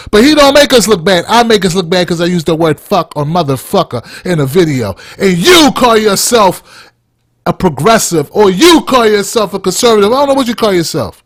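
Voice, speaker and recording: A man's voice: high voice, no room sound, clean studio sound. Fired-up man ranting with heavy cursing. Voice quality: blunt, heated, heavy cursing. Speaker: podcast host. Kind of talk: profane opinion rant.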